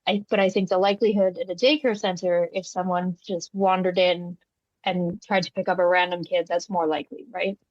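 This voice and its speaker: A woman's voice: fairly low pitch, fairly quick, dry recording. A woman co-hosting a casual podcast chat, a day home provider who tells stories and acts out the voices. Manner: animated storyteller, acts out voices. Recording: dull, dry lo-fi sound.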